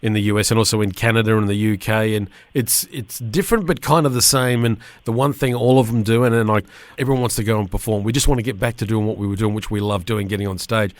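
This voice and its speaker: A man's voice: fairly low pitch, no room sound. Man, interviewer, stumbles and repeats, dry close sound. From Australia. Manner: halting, repeats words, restarts. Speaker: radio interviewer.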